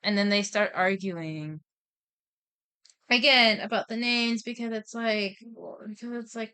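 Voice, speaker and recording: A woman's voice: mid-range voice, unhurried, long pauses, pushed and bright, smooth. A woman streamer casually retelling a story, rambling with lots of repeated "and then"s, swearing and laughing often.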